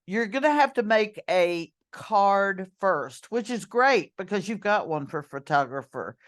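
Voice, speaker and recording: A woman's voice: medium pitch, lively intonation, measured pace. A woman teacher walking students through an online note-card tool, chatty and full of ums and self-corrections. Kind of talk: screen-recorded lesson walkthrough.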